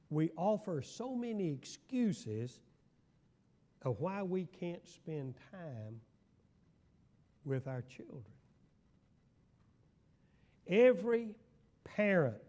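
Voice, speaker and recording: An older pastor teaches a church Bible study in a folksy storytelling manner. His voice sits high for a man, and he speaks at an unhurried pace. He keeps stopping to ask the room whether they follow him. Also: dark tone. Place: church hall.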